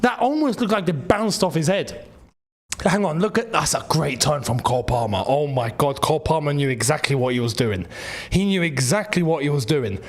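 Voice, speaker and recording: A man hosting a live football watchalong, reacting excitably and shouting and laughing at the action while his voice goes. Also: fairly high pitch, normal speed. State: losing his voice.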